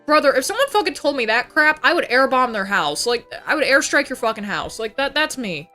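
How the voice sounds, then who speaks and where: A young woman VTuber rants on her livestream in a heated, profane, casual way. Her voice sits a touch high and sounds bright and forceful. Faint music plays behind her. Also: big pitch swings, a little fast. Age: young adult. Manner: profane, heated ranting with mocking put-on voices. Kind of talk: casual ranting livestream chat.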